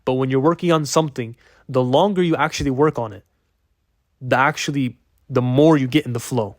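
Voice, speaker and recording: Man, mid-pitched, dry close sound; blunt, slangy coach type for a casual advice vlog. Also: fairly quick, no echo. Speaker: productivity coach. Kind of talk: casual talking-head advice.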